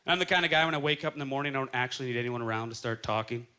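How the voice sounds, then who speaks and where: A Canadian man in his thirties performing a stand-up set, telling stories with quick acted-out quotes on a club stage. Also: medium pitch, bright, forceful tone, smooth. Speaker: stand-up comedian. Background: faint audience laughter.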